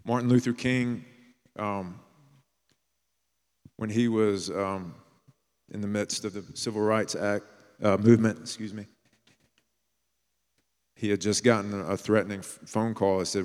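A man preaching a sermon as a pastor, earnest and plain-spoken, sometimes dropping to a hushed storytelling tone. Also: lowish voice, steady tone, measured pace, pauses often, clear, resonant tone. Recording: long reverb of a large hall.

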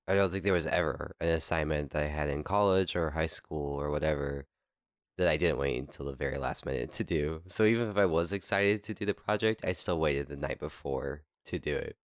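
A man with an extremely low, deep voice chats easily on a podcast. The recording is dry, with no room sound. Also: a little fast, no room sound. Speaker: podcast co-host. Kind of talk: casual chat.

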